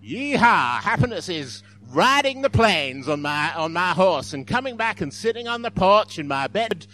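A man voicing a boisterous Texan cowboy, loud and whooping. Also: high voice, big pitch swings, moderate pace, a little hiss or hum, pitched above the performer's own voice, full character voice. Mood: exuberant.

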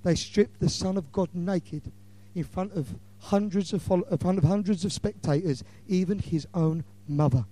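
A middle-aged man preaching an impassioned evangelistic sermon, swinging between loud declarations and hushed lines. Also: high-pitched, normal speed.

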